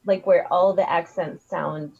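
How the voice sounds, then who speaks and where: A woman co-hosts a casual livestream, riffing on silly ideas with a rambling, giggly manner. Her voice has a breathy, husky edge. The audio is dull and lo-fi. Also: on the low side, fairly even intonation, unhurried, a little mellow. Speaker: co-host.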